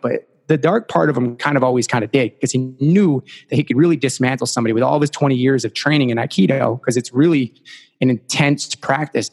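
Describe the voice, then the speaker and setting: A man's voice: medium pitch, big-room sound. A man, a podcast guest, telling a story casually and animatedly, with lots of "like" and "you know.".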